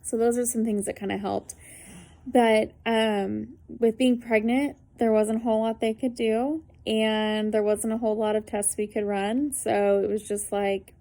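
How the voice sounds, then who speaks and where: Talking to the camera, a vlogger tells her own story in a casual, testimony style. Her voice is mellow with medium pitch, and her manner is earnest and conversational, full of filler words.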